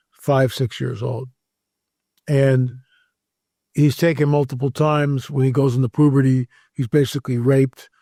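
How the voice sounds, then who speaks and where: Gravelly-voiced man telling a story. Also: medium pitch, no echo, clean studio sound. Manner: animated storyteller, acts out quoted dialogue. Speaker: guest researcher. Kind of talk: interview storytelling.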